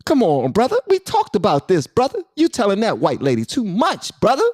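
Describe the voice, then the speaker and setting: Animated man hosting reaction commentary. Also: sits high, fairly quick, dry recording, studio quality. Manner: animated, playful, talks to the audience directly. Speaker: commentary channel host.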